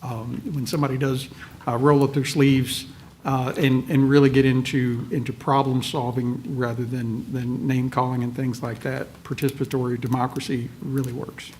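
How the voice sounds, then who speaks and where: A man speaking as a county official at a public meeting, halting and often repeating words. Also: mid-range voice, level tone, a little mellow, a little hiss or hum.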